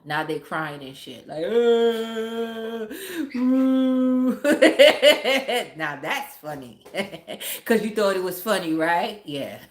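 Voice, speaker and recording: A mother from a Caribbean family chatting casually on a livestream, blunt and profane and laughing often. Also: low voice. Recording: roomy echo.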